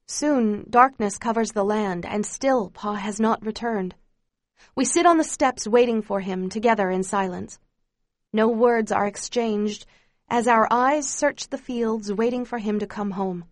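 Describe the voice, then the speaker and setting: A woman reading a first-person memoir aloud in a quiet, steady, grave storytelling voice. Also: mid-range voice, unhurried, dry recording, clean studio sound. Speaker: narrator.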